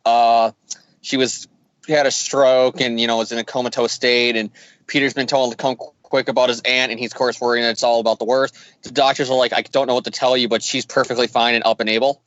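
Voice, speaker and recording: A man's voice: mid-range voice, a bit bright, no echo, highs cut off. A man co-hosting a comic review show, recapping a story casually and jokingly, laughing as he goes. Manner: joking, laughs through the recap, mimics characters. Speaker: comic review podcast co-host.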